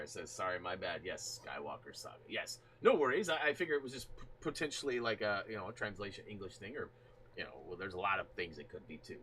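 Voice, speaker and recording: A man casually chatting while hosting a gaming live stream, greeting viewers from the chat in an animated way. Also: on the low side, a little hiss or hum.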